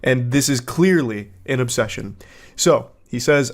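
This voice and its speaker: Male online commentator, deadpan and sardonic, mid-pitched voice. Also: measured pace. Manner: dry, sarcastic. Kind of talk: casual video commentary.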